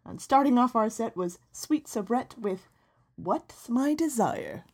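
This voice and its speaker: A woman co-hosting a podcast who chats casually and playfully. She rambles and giggles often, in a voice that sits fairly high. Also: lively intonation, unhurried, darkish tone, husky. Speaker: podcast co-host and DJ. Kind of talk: casual banter.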